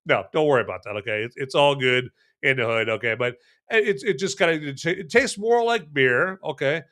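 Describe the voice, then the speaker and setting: A man's voice: on the high side, normal speed, fairly bright tone. Rambling man reviewing a beer. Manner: rambling, lots of fillers and restarts, jokey. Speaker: podcast co-host reviewing a beer. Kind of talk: casual chat.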